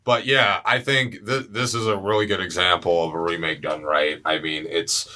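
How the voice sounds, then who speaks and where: A young man hosting a casual movie podcast, animated and joking, swearing freely. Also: low-pitched, normal speed. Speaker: podcast host.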